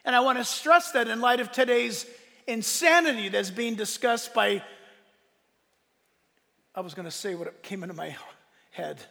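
Emphatic high-voiced pastor in a hall. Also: male voice, normal speed, gravelly, pauses often. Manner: emphatic, rhetorical questions, bursts of loud emphasis. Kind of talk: sermon.

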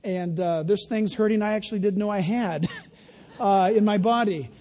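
An older man preaching a sermon as pastor of his church, animated and folksy, acting out the voices he quotes. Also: high voice, normal speed. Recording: long reverb of a church hall.

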